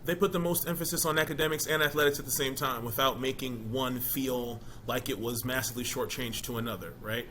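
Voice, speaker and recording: Man guest, interview, bright forward voice, emphatic and chatty, faint hiss behind. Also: medium pitch, steady tone, fairly quick, few pauses. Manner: conversational, emphatic, asks "you know what I mean?". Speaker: interview guest, former college football player. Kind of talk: casual interview talk.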